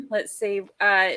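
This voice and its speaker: A woman's voice: medium pitch, pushed and bright, clean tone. A woman co-hosting a casual true-crime chat, often exasperated and laughing. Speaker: co-host.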